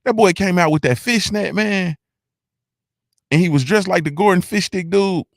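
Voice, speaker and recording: A man hosting a boxing fan show in casual, slangy talk, excited and repeating himself as he goes. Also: high voice, normal speed, dry recording, studio quality.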